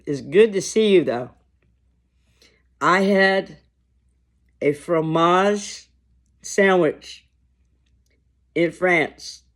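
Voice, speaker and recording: Man, fairly high voice, unhurried and reflective, casual lunch vlog. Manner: slow, reflective, halting, with long pauses. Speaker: vlogger. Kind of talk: casual talk to camera while eating lunch.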